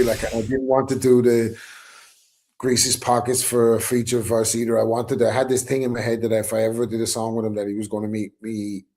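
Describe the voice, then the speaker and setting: A man's voice: on the low side, a little mellow. A middle-aged Irish man telling a story in a casual chat, acting out the quotes and swearing freely. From Ireland. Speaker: guest rapper.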